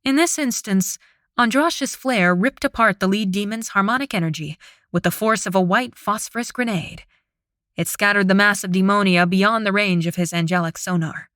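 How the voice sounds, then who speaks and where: A woman narrating an audiobook with a steady, dramatic reading, close to the microphone. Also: mid-range voice, normal speed, no room sound. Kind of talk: scripted narration.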